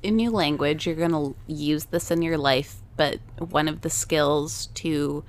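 Female teacher, low voice, calm and reflective, casual chat. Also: measured pace.

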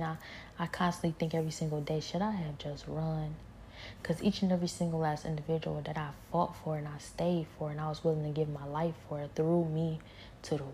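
A woman giving a rambling personal spiritual testimony, speaking softly and often dropping into a whisper. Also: low voice, a little hiss or hum. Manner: soft-spoken, often trailing into whispers; rambling, many fillers and repeats.

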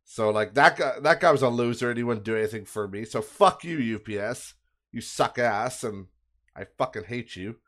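A man's voice: mid-range voice, moderate pace, a bit bright. A man hosting a podcast, ranting in a casual, profane and exasperated way and laughing at his own bad luck. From Canada. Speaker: podcast host. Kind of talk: casual rant.

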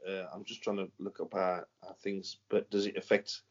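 A man's voice: low voice, level tone, moderate pace. A man co-hosting a casual podcast, rambling and searching for words as he talks. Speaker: podcast co-host. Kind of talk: casual banter. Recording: dull lo-fi podcast audio.

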